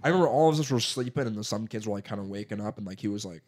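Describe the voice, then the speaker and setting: This young man's voice sits on the low side, and he talks rapid-fire. Chatting casually, he recounts childhood tales full of profanity and animated put-on voices.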